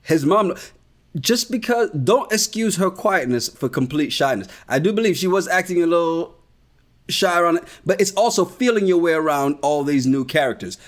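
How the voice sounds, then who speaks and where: Lively, ranting podcast host man. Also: on the high side, normal speed. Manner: animated, ranting, profane. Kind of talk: casual recap chat.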